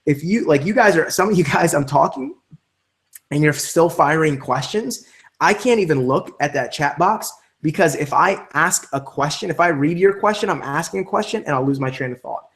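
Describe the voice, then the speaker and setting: A man leading a live online training session for network marketers, talking in an energetic, emphatic coaching way. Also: a little high, moderate pace.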